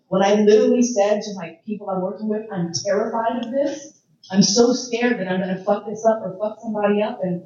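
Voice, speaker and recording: A woman's voice: mid-range voice, recorded from a distance. A woman tells stories at a conference Q&A, swearing freely and laughing often. Her voice comes from well away from the mic in a very echoey room. The sound is dull and carries a faint hiss. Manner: profane, animated storyteller with frequent laughs. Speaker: featured guest speaker. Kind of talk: casual storytelling Q&A.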